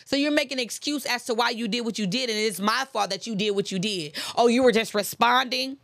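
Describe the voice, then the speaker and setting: Emphatic woman with a gravelly voice. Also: on the high side, fairly quick, fairly bright tone, dry recording, clean studio sound. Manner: chatty and emphatic, preaching asides, laughs often; repeats phrases for emphasis. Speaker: host. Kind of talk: casual faith-based talk on forgiveness.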